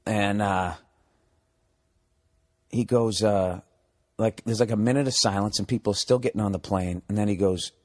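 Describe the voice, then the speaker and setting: A man's voice: normal speed, long pauses. Man ranting through a profane comic story. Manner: swings from low mutters to high excited rants. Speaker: comedian guest. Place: podcast studio.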